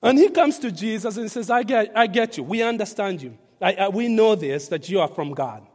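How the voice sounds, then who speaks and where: Male preacher, high voice, sermon, emphatic repetition, reverberant church hall. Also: expressive, normal speed. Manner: emphatic, repeats phrases, varies loudness for stress; asks the congregation to read along.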